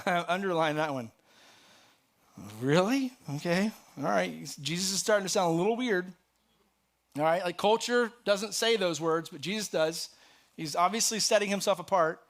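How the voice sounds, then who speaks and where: High-voiced pastor, animated sermon. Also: male voice, normal speed. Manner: conversational and animated, rising sharply on scripture. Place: church sanctuary.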